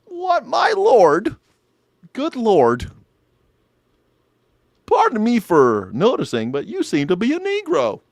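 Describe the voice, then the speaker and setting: A man putting on a prissy old-timey gentleman. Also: very high voice, huge pitch swings, takes it slowly, creaky, pauses often, no echo, voice pushed up, heavily acted. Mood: scandalized. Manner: fussy, exaggerated exclamations.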